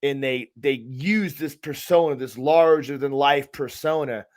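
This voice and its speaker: An unhurried man with a mid-range voice co-hosts a podcast, recorded without echo. His casual talk drifts around, gets profane, and is full of restarts.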